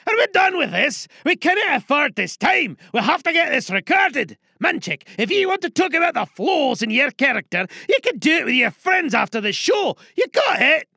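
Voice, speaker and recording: A man playing a bossy, hot-tempered director who keeps shouting at his cast. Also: extremely high pitch, sing-song, moderate pace, gravelly, few pauses, no echo, exaggerated voice. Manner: exasperated, barks orders. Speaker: director of a pirate audio drama. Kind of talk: comedic sketch acting.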